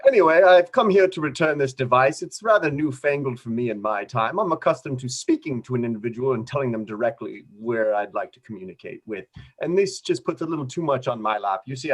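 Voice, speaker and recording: A man playing a pompous old-fashioned gentleman with a put-on transatlantic accent, in an improvised comedy scene over a video call. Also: mid-range voice, natural voice. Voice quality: affected, haughty upper-class delivery.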